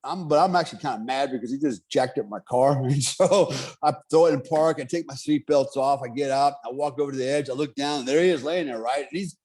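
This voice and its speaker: A middle-aged man telling a story in casual, profane talk, animated and laughing often. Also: medium pitch, fast, few pauses, slightly rough.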